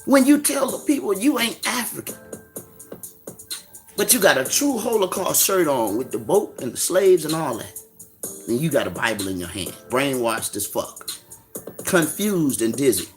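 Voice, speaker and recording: A man's voice: a little high, very animated, moderate pace, faint music behind. A man giving a profane, mocking preaching rant in street slang, firing off rhetorical questions. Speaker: religious commentator.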